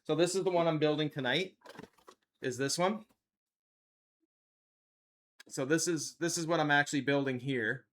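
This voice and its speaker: A man's voice: fairly high pitch, moderate pace, pauses often, a bit bright. A man hosting a live stream, chatting casually with his viewers and laughing often at a desk microphone. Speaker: livestream host.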